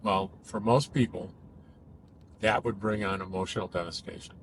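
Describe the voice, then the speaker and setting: Thoughtful, measured man explaining. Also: deep voice, steady tone, a little hiss or hum, rough recording. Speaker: cognitive behavioral therapist. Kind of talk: casual explanatory talk.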